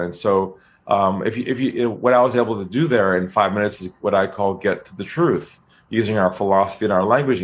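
Low-voiced calm storytelling man. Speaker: guest, sales trainer. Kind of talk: podcast interview storytelling.

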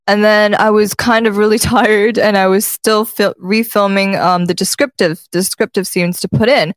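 A woman's voice: medium pitch, normal speed, dry recording. Playful young woman, dry and close. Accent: American-leaning non-native English. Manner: lively, playful, laughing. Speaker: co-host. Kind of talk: casual chat.

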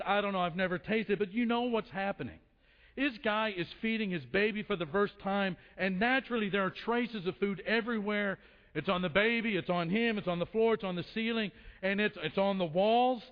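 A man preaching a sermon as pastor. He speaks earnestly and repeats words as he starts his phrases. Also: high-pitched. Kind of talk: sermon with prayer and anecdotes. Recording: echoey hall, dull lo-fi sound.

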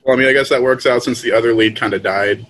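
A man's voice: medium pitch, steady tone, fast talker, fairly bright tone, low-quality recording. A man in casual comedic chat, laid-back and teasing, speaking over a call. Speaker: co-host. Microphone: call audio.

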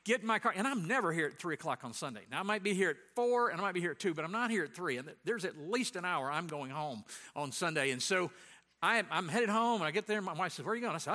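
A man preaching as a pastor, telling a personal story in an animated way and acting out what people said. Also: sits high, quick pace. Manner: animated storyteller, acts out quoted voices. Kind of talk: sermon with storytelling.

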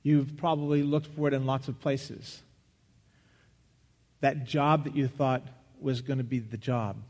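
A man preaching a sermon as pastor, earnest and searching, pausing and restarting as he goes. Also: medium pitch, fairly even intonation, darkish tone. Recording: long reverb of a large hall.

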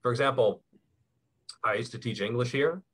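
A young man explaining things in a relaxed, rambling way, with lots of fillers, as a podcast guest. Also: mid-range voice, moderate pace, slightly rough. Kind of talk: casual chat.

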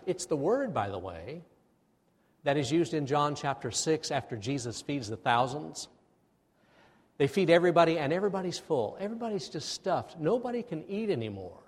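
A male pastor delivers a sermon in a church sanctuary. His voice carries a long hall reverb. He talks in a lively way and has the congregation repeat phrases after him. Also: a little high. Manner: animated, leads the congregation in call-and-response.

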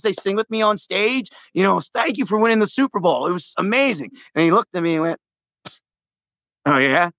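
A man's voice: high voice, dry recording, dull audio. A middle-aged man from the United States, calling a sports radio show and telling a long, rambling story full of restarts. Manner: rambling, animated, frequent restarts and laughs. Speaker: caller.

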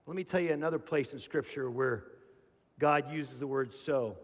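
A middle-aged man preaching a sermon as pastor, telling stories in an animated way and acting out voices. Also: a little high, fairly quick, big-room sound. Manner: animated storyteller, acts out voices.

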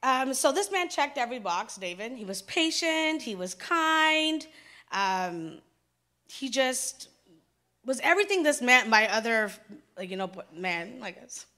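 Bright-voiced woman giving church testimony. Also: fairly high pitch, sing-song, measured pace. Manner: conversational, acts out dialogue, emphatic. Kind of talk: personal testimony.

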